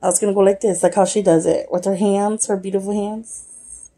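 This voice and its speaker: A young woman vlogging casually while unboxing a gift, excitable and gushing, often breaking into giggles. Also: medium pitch, brisk, slightly rough. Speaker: YouTube vlogger. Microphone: camera, face not shown.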